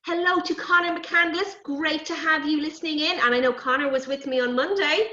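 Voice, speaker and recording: A woman presenting a lively lesson on animal safety to young children, coaxing them and talking to toy animals. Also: high-pitched, brisk. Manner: animated, coaxing, talks to puppets and kids. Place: indoors, recorded for an online event. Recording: dull, roomy live stream audio.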